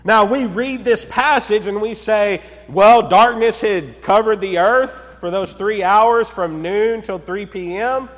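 A man preaching a Sunday sermon to his congregation. He asks rhetorical questions and pauses for effect, dropping to a low hush on key words. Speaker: pastor. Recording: long hall reverb.

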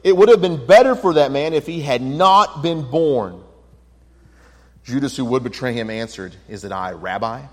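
A man's voice: on the high side, animated, normal speed. Man teaching Bible study in a reverberant room. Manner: earnest, explanatory, reads scripture aloud. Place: room with a projection screen.

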